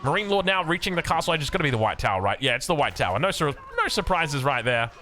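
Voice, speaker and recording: A young Australian man casting a strategy video game match, getting excited and rising in pitch as the action picks up. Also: quick pace. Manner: excitable, rises sharply when action picks up. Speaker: game caster. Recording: faint music behind.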